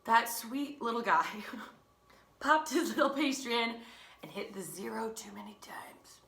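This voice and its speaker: A young woman teacher tells a story in an animated, chatty way and pokes fun at herself. Her voice is bright and forward. The room around her sounds echoey. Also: on the high side, measured pace, gravelly. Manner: animated, chatty, self-mocking. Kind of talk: casual storytelling.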